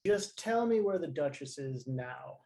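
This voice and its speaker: A man playing a tabletop game, speaking deliberately between chuckles. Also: fairly high pitch, lively intonation, vocal fry, warm tone. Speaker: player.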